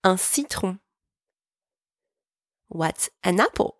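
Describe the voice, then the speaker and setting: A woman teaching a podcast French lesson, pronouncing each word slowly and clearly so listeners can repeat after her. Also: medium pitch, expressive, a bit bright, no echo, studio quality. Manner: clear, slow, deliberate pronunciation for repeating. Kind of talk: podcast language lesson with repetition drills.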